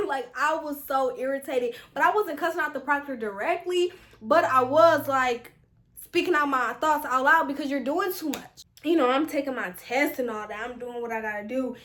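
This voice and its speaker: High-voiced young woman telling a story. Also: normal speed. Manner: animated, exasperated, slangy storytelling. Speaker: vlogger. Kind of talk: casual storytime.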